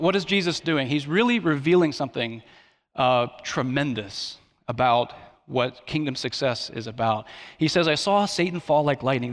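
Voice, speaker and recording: A man's voice: mid-range voice, fairly bright tone. A middle-aged male pastor preaching a sermon in a conversational, earnest way, with light humor and frequent restarts. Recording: long reverb of a large hall.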